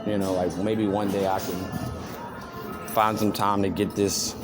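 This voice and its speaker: A man's voice: on the low side, little pitch movement, unhurried, over music. A man telling a rambling story on his vlog, laughing and mimicking others. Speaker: vlogger. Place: store, walking around.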